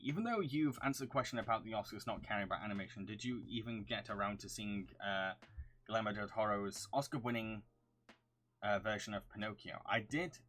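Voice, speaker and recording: A man's voice: lowish voice, fairly bright tone. A young man from the north of England, a video reviewer chatting casually through viewer questions on a livestream, rambling and humming filler syllables between them.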